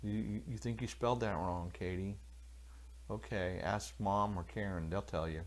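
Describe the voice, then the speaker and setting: A man's voice: on the low side, steady tone, moderate pace. A man, a pastor, giving a loose, rambling Bible talk on a livestream from his church while answering viewers in the chat by name. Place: church, alone.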